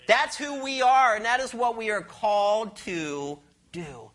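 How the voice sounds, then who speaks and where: Woman preacher giving a sermon, bright sharp voice, kinda high, leans hard on words. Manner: emphatic, rising to high passionate stress, slowing to read verses; asks the congregation questions and leads call-and-response.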